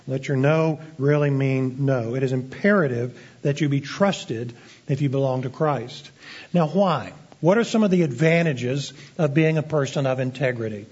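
A man preaching a sermon as pastor, earnest and deliberate, slowing down to stress key phrases. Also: medium pitch, a little mellow, husky. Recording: dull lo-fi sermon recording.

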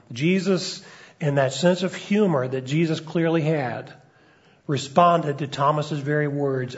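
A male pastor preaching in a conversational way. He stumbles through frequent fillers and restarts, and his voice sits fairly high. The recording sounds muffled and lo-fi. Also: breathy edge. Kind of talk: sermon. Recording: dull lo-fi recording.

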